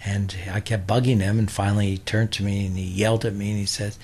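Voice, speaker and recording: A man's voice: fairly low pitch, steady tone, fast talker, darkish tone, slightly rough. A man in his sixties from New York, a guest telling rambling anecdotes in a loose, chatty way full of "uh" and restarts. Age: 60s. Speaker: interview guest.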